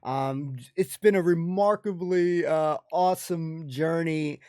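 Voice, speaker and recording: A man's voice: fairly high pitch, takes it slowly, smooth, no room sound, clean studio sound. Enthusiastic American man reacting to a show. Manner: enthusiastic, rambling, keeps saying "ladies and gentlemen". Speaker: reaction video host. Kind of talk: casual reaction commentary.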